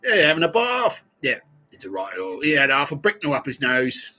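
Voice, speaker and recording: A man's voice: medium pitch, wildly swooping pitch, moderate pace, bright, forceful tone, faint music behind, pitched above the performer's own voice, full character voice. A man voicing a swaggering male cockney gangster in a mocking, boastful way.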